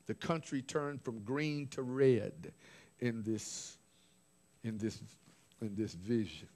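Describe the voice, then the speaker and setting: A man's voice: medium pitch, slow, a little mellow. A man preaching informally, recounting visions from his notes with restarts and asides. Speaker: apostle preaching. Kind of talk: sermon.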